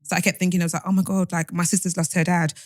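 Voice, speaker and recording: A woman's voice: fairly low pitch, level tone, racing, dry recording, studio quality. A young woman, co-hosting a podcast in candid, rambling casual chat. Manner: rambling, candid, restarts often. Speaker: podcast co-host.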